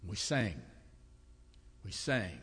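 A man preaching in a church, telling homespun stories with gentle humor. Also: on the low side, very animated, drawn-out words, slightly rough, long reverb tail. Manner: folksy storytelling with humor. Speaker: pastor. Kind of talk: sermon. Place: church sanctuary.

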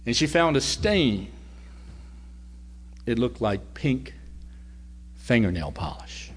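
Male preacher, mid-pitched, folksy storytelling sermon, swings between loud and hushed. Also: very animated, takes it slowly, breathy edge. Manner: conversational, varies loudness from loud to near-whisper.

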